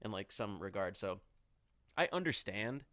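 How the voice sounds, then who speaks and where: A man's voice: lowish voice, expressive, moderate pace, pushed and bright, no room sound, studio quality. A young man telling a long, rambling story on a podcast, filling it with "like" and acting out what people said. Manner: rambling, heavy on "like", acts out quotes. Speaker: podcast guest. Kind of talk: casual storytelling.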